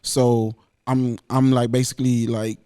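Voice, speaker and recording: A man's voice: mid-range voice, level tone, measured pace, dark tone, clear, resonant tone, dry recording. A man with a mid-range voice, recorded dry and close in a studio, chatting playfully on a podcast. He jokes and swears freely with his co-hosts. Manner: playful, joking, swearing banter. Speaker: podcast co-host. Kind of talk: casual chat.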